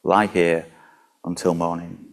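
Low-voiced man preaching. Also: little pitch movement, slow pace. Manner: conversational, with small slips and restarts. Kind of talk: sermon with bible reading.

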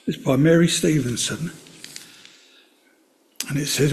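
A man giving a sermon in a gentle, conversational way, with chatty asides to his listeners. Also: on the high side, moderate pace. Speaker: preacher.

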